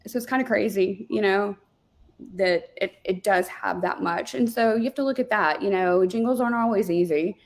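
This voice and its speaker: Speaking over a video call as an interview guest, a real estate team leader chats in a mid-range, gravelly voice with touches of vocal fry. She tells stories casually and with animation, frequently pausing on filler words.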